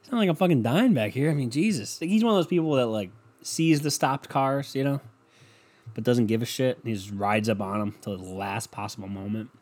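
A man's voice: medium pitch, brisk, darkish tone. A young adult man hosting a podcast, talking in a loose, profane, rambling way as he tells stories. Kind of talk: casual rambling rant.

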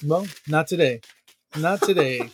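A man's voice: on the high side, lively intonation, a little slow, a little hiss or hum. A man co-hosting a fantasy football podcast, chatty and hesitant, often laughing mid-sentence. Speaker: podcast co-host. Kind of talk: casual fantasy football banter.

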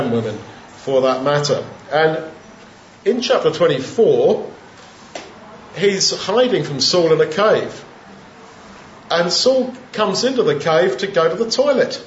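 Man preaching in a roomy hall. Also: on the high side. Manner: conversational storytelling, retelling scripture in plain modern speech. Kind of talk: sermon. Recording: roomy, dull-toned recording with faint background hiss.

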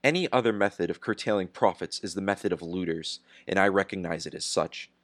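A man's voice: low-pitched, dry recording, close to an everyday voice. A man voicing a grave, unyielding industrialist. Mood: firm. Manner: grave, measured and firm. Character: defiant steel industrialist on trial, calm and unyielding. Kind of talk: audiobook character reading.

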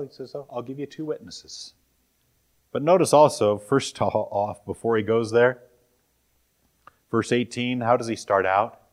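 A man as pastor, preaching an earnest, emphatic sermon and quoting scripture. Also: medium pitch.

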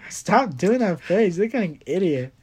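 A man's voice: high voice, very animated, unhurried, breathy edge. A young man co-hosting a casual podcast, teasing back and defending himself in playful banter. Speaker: podcast co-host. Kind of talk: casual banter between friends.

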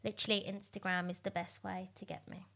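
A woman's voice: mid-range voice, little pitch movement, quick pace, gravelly, a bit bright. A woman nail technician as a podcast guest, talking casually with lots of fillers. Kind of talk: casual interview chat.

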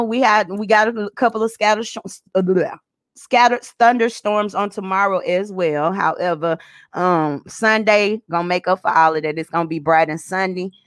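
Woman radio host, loose profane chatter, mid-pitched voice, dry mic. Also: fairly bright tone, no room sound. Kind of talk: casual podcast monologue.

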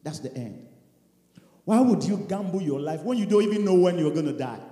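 Fiery high-voiced preacher in an echoey hall. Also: male voice, lively intonation, brisk. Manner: impassioned, swings from shouts to hushed tones, acts out prayers. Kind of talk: fiery sermon.

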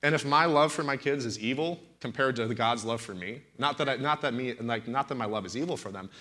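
A man's voice: medium pitch, brisk, pushed and bright. A man in his thirties, a pastor preaching in a talk-show setting, telling stories animatedly and with indignant emphasis.

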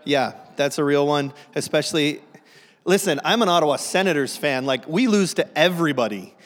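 A man preaching in a church, his fairly high voice carrying a long, ringing reverb from the hall. He jokes at his own expense and often stumbles into restarts as he talks to the congregation. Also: lively intonation, normal speed. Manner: self-deprecating, joking, frequent restarts. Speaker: guest pastor. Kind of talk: humorous sermon. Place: church sanctuary.

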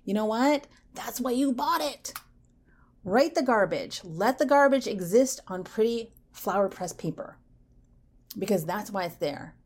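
A woman hosting a casual self-help podcast, playful and animated, switching between hushed asides and bright exclamations, and reading poetry slowly and softly. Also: fairly high pitch. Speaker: podcast host.

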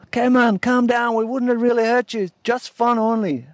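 A man's voice: extremely high pitch, steady tone, normal speed, no room sound, studio quality, voice pushed up. A man voicing a laid-back local man at a rival bush camp who brushes off complaints in an easygoing, placating way.

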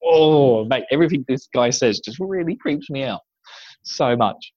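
A man's voice: medium pitch, lively intonation, moderate pace, darkish tone, no echo, lo-fi sound. An English man co-hosting a podcast, chatting casually through a book recap, laughing often and slipping into voices for the scenes. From England. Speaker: podcast co-host.

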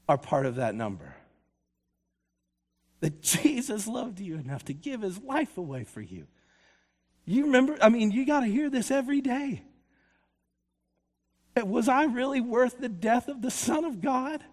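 A male pastor preaching a sermon, passionate and rhythmic, shifting from loud repeated build-ups to quiet storytelling. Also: extremely high pitch, very animated, measured pace, long pauses. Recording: long reverb of a large hall.

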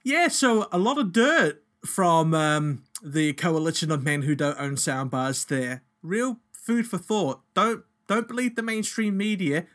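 A man co-hosting a comedy podcast, giggly and exasperated in quick banter. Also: fairly high pitch, fairly bright tone. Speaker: podcast co-host and narrator. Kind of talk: casual comedy podcast chat.

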